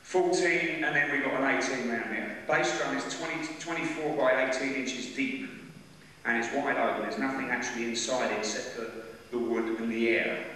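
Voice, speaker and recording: A man's voice: mid-range voice, moderate pace. A middle-aged Englishman chatting in a rambling, jokey way to a live audience at a drum clinic. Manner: rambling, jokey, animated storytelling. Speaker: drummer giving a clinic. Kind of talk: chatty stage talk to an audience. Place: large hall with live audience. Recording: echoey hall recording from far off, crowd noise.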